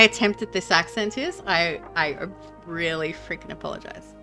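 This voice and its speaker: A woman's voice: lowish voice, normal speed, few pauses, bright, forceful tone, faint music behind. A young woman streamer, reading a game aloud and chatting with her viewers in a rambling, self-deprecating way.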